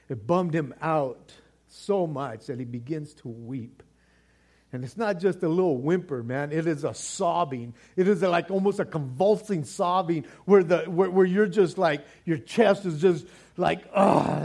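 A man preaching a sermon in an animated, casual way, repeating words for stress and dropping in slang. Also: a little high, measured pace. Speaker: pastor.

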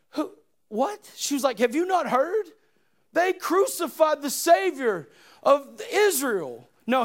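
A preacher with a very high voice delivers a sermon in church. He swings from loud, shouted exhortation to soft, hushed retellings of the story.

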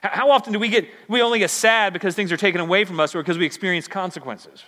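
A man's voice: sits high, racing, pushed and bright, big-room sound. A male pastor preaching a sermon in a conversational, emphatic way in a church.

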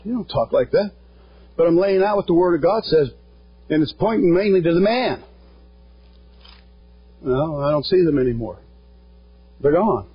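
Man, pastor, earnest sermon, fairly high voice, raspy, muffled lo-fi recording. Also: animated, moderate pace, long pauses. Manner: earnest, plain-spoken preaching with scripture quotes. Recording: dull lo-fi sound.

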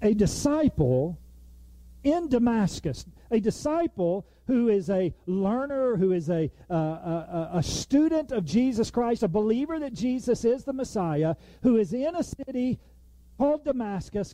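Preaching in an animated, conversational style, this man occasionally performs the quoted lines of figures from the text. His voice sits high and unhurried, with no echo.

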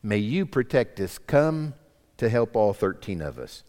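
A man preaching a sermon, lively and swinging between strong and soft delivery. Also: on the low side, measured pace. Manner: animated preaching, drops to soft quoted lines. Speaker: pastor. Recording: church hall reverb.

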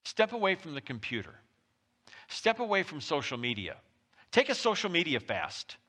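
Pastor guy giving a sermon, bright sharp voice, goes loud then quiet a lot. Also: on the high side, moderate pace. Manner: lively, conversational preaching with sudden loud pushes and soft drops. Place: church.

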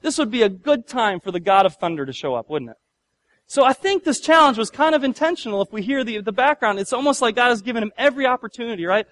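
A man with a fairly high voice delivers a sermon as a pastor. He retells a Bible story with humor, playful asides and acted-out bits. His delivery is lively and conversational. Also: fast.

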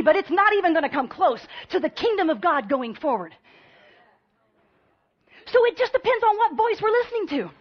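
A woman preaching a sermon, telling stories with lively energy and acting out the voices of the people in them. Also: high-pitched, lo-fi sound. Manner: animated storytelling, acting out voices of the crowd.

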